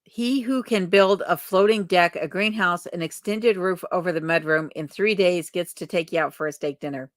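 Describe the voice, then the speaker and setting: Woman, livestream host, reads chat comments aloud, lower voice, dry close sound. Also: normal speed, few pauses, no echo. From lives in Alaska. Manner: friendly, chatty, greets viewers by name. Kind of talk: live chat Q&A, reading viewer comments aloud.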